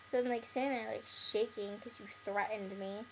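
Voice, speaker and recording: A young woman vlogger rambles straight to camera at an ex-friend, blunt and bitter, with "like" in almost every phrase and lots of filler. Her mid-range voice keeps a steady tone at normal speed. The audio is poor, with a little hiss or hum.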